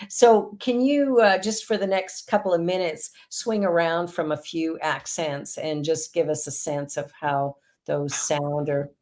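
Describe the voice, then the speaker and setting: A woman's voice: low-pitched, fairly even intonation, a little slow, hardly any pauses, darkish tone. A woman hosting a casual interview show, playful and teasing with her guest. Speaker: talk show host.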